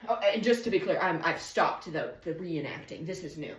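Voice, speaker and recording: A woman's voice: on the low side, expressive, a little fast, distant mic. A young woman streaming from her bedroom, chatting casually with lots of swearing and rambling asides. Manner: swearing, rambling, swings between giddy and teary. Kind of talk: casual chat. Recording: roomy echo, a bit off mic.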